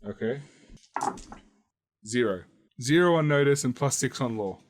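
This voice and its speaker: A man's voice: mid-range voice, expressive. A man playing a tabletop role-playing game, describing his character casually and joking around. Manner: casual, playful, quick to joke. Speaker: player. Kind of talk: tabletop role-play chat.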